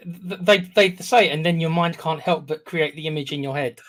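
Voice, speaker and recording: A man's voice: a little high, moderate pace, fairly bright tone. A man co-hosting a casual fan live stream, teasing and bantering with his co-host. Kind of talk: casual chat.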